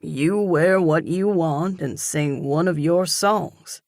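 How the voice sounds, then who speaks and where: A woman reading an audiobook and voicing a grounded young man who talks in a calm, encouraging, lightly teasing way. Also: deep voice, takes it slowly, no echo, studio quality. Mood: coaxing. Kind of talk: audiobook dialogue.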